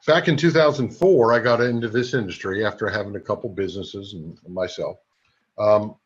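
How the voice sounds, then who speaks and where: A man in his sixties giving a sales training talk, a lively storyteller who throws quick asides to his audience. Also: fairly low pitch. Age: 60s. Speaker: network marketing trainer. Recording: dull lo-fi recording.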